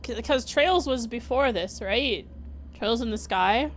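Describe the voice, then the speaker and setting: A woman's voice: on the high side, a little slow, slight background noise. A woman streamer chatting casually while playing a game, joking and reading the game's text aloud.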